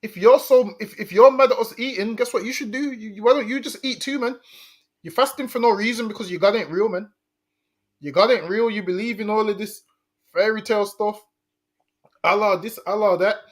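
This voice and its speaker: High-voiced blunt male co-host. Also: a little fast. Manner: blunt, emphatic, repeats himself. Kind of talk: casual commentary chat.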